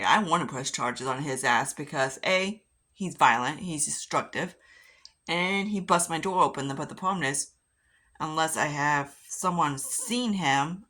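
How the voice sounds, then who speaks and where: A woman's voice: low voice, bright, forceful tone. Woman doing her makeup on camera, rambling and cussing a lot. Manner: rambling, profane, chatty. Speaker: beauty vlogger. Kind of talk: casual get-ready-with-me chat.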